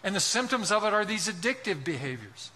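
A man's voice: high-pitched, big pitch swings, fairly quick, pushed and bright. A man preaching a sermon with passion, asking one rhetorical question after another and acting out voices from the story. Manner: impassioned, rhetorical questions, acts out quotes. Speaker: pastor.

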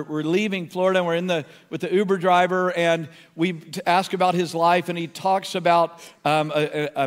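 A pastor tells a story while preaching, his high-sitting voice carrying a long reverb from a large hall. In this sermon storytelling, he acts out the people he quotes.

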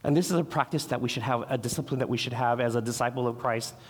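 Male pastor, middle-pitched, earnest sermon delivery with restarts, recorded with long church-hall reverb. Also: steady tone, fast. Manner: earnest, repeats and restarts words, acts out quoted voices.

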